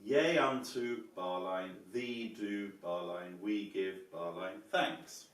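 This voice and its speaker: A man teaching psalm chanting in a measured, explanatory way, playing the piano as he goes. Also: sits low, fairly even intonation. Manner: measured and explanatory, often saying "yeah?"; plays piano while demonstrating. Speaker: choral music teacher. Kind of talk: music lesson on psalm chanting. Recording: echoey room, distant mic, piano.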